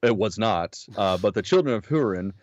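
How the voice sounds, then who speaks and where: A man co-hosting a podcast in a casual, profane chat, his voice a little hoarse. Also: fairly low pitch, moderate pace, muffled recording. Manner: profane, animated storytelling. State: slightly hoarse. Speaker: podcast co-host.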